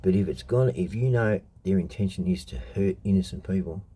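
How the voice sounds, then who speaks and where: A middle-aged Australian man launches into a blunt, profane, heated unscripted monologue about his past as a show host. His low voice is warm and slightly rough, and he talks a little fast.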